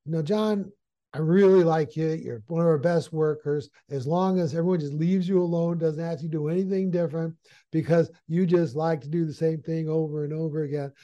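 A man's voice: fairly high pitch, fairly even intonation, a little fast, dark tone, lo-fi sound, close to an everyday voice. A man voicing a friendly, chatty office boss giving an employee his review. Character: friendly middle-aged male office boss.

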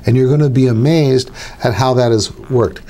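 Middle-aged male hypnotist, teaching tone, chatty, repeats his catchphrases, everyday mid-pitched voice. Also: normal speed, mellow. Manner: conversational, repeats key phrases, acts out dialogues. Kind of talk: instructional talk to camera.

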